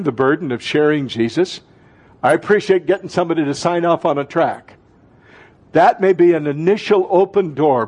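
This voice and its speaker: Male pastor, high voice, impassioned sermon, loud bursts then hushed, calls out to the congregation. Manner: impassioned preaching with sudden swings between loud and soft.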